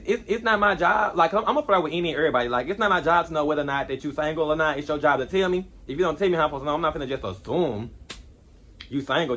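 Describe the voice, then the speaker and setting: Rapid-talking young man telling a story. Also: a little high, slight background noise. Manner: animated, slangy, rambling with asides. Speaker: vlogger. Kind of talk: storytime vlog.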